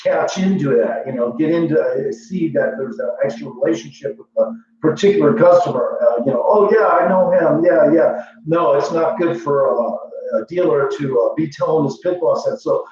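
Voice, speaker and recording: Speaking in a warm voice of fairly high pitch at normal speed, a male livestream host rambles on in a casual monologue that is boastful, profane, and meandering. The sound is echoey and lo-fi, captured from a distance with a faint hum.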